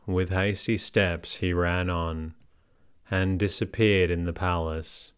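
A man narrating an audiobook in a measured, steady way. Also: deep voice, clean tone, no echo, studio quality.

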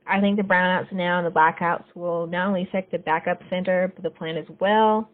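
A woman hosting a podcast, casually recapping a TV episode scene by scene and getting lively when she quotes the characters. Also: on the low side, brisk. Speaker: podcast host. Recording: phone-like narrow sound.

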